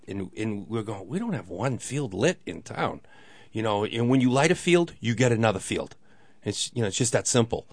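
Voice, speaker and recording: A man's voice: on the low side, creaky, no echo. A man telling a story as a guest in a casual way, rambling with many fillers and acting out quoted voices. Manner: rambling, fills talk with "you know", acts out quoted voices. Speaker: guest, local baseball organizer.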